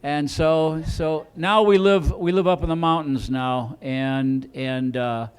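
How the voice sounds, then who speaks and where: A man's voice: fairly high pitch, steady tone, slow pace, clean tone. A man doing stand-up comedy on a club stage, rambling through his stories with repeated "and, and" restarts. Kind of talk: stand-up storytelling.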